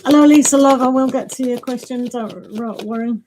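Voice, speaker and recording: A woman's voice: a little high, a little fast, heavy background noise. A woman giving a casual tarot reading on a live stream, chatty and thinking aloud, laughing often.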